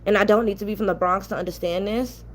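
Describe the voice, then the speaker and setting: A woman's voice: medium pitch, steady tone, fast, a little hiss or hum. Heated, blunt young New woman. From New York. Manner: blunt, ranting, profane. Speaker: commentary channel host. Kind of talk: heated casual commentary.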